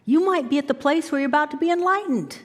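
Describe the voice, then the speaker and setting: A woman minister giving a sermon, animated and coaxing her congregation to repeat lines after her. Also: sits high, fast talker. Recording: long hall reverb.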